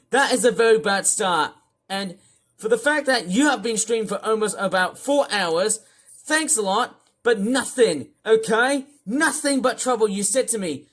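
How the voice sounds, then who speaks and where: A young vlogger ranting angrily to camera, repeating themselves and swinging from slow, drawn-out complaints into shouting. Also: mid-range voice. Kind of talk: angry rant to camera.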